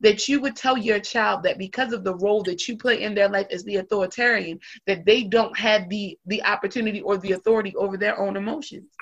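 A woman's voice: medium pitch, steady tone, a little fast, few pauses, fairly bright tone, lo-fi sound. A woman talking candidly and emphatically in a casual conversation, blunt and swearing freely.

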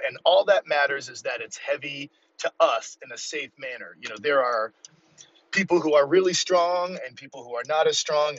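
A man in his fifties talking casually about strength training while driving to work, fast and rambling, highly caffeinated. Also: fairly bright tone, lo-fi sound, a little hiss or hum. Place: car on the way to work.

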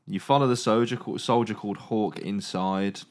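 A man's voice: lowish voice, fairly even intonation, normal speed. A man hosting a comedy podcast, reading a choose-your-own-adventure story aloud with dramatic narration broken by jokes.

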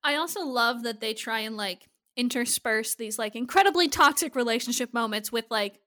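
Bright, high-voiced woman podcaster. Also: normal speed, no room sound, studio quality. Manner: profane, animated, laughing often. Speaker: podcast co-host. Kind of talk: casual chat recapping a TV episode.

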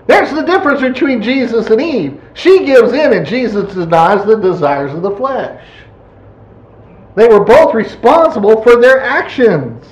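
High voiced preacher guy, slow and lively, echoey church hall. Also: muffled recording. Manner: animated, folksy, acts out quotes. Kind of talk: sermon. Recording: echoey room.

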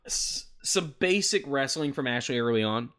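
A man's voice: medium pitch, lively intonation, normal speed, a bit bright, clean tone. A man hosting a casual podcast chat, recapping events at length with lots of fillers and frequent swearing. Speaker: podcast host recapping wrestling.

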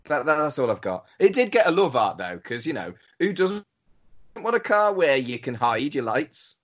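A man's voice: a little high, sing-song, normal speed, a bit bright. A man co-hosting a podcast, chiming in with enthusiastic asides. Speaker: podcast co-host. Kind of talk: casual chat.

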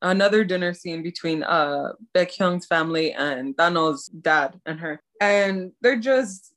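A young woman with a lowish voice narrates a TV plot in casual chat. She tells it in an animated way, filling her lines with "like". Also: a little slow. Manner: animated storytelling, many "like"s. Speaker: co-host recapping a drama.

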